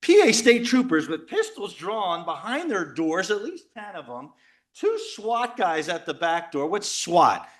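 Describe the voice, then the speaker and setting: Animated middle-aged man telling a story. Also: high-pitched, measured pace. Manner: animated, jokey, acts out quoted voices and shouts. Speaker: speaker at a men's retreat. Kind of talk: lively storytelling talk. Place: retreat house talk before a live audience.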